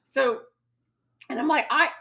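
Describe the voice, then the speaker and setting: A woman's voice: high voice, measured pace, creaky. A woman hosting a podcast, telling a story in casual chat and acting out quotes with lots of laughter. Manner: animated, acts out quotes with laughter. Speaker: podcast host.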